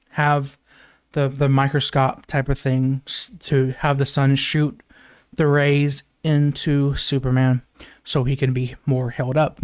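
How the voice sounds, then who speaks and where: A rambling young man with a fairly high voice. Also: clear, resonant tone, dry recording. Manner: rambling plot recap, lots of fillers and swearing. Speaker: movie reviewer. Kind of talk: casual live movie review.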